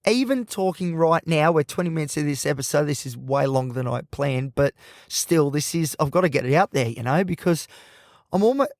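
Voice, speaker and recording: Man, podcast host, rambling and emotional, slightly high voice, dry close mic. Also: animated, fairly quick, no room sound. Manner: rambling, emotional, self-interrupting. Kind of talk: personal reflective monologue.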